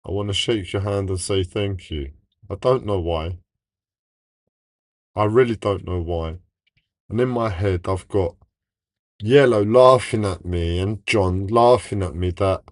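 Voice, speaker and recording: A man with a fairly low voice tells a personal story on a livestream. He rambles, cuts himself off and starts over, and his feelings come through. The sound is dry and close, with no room echo. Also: a little slow, darkish tone. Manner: emotional, rambling, self-interrupting. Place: home, livestream.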